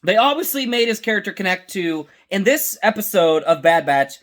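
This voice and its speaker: A man hosting a casual fan review, talking excitedly and rambling, often stopping to correct himself mid-sentence. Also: high-pitched, moderate pace. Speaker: host.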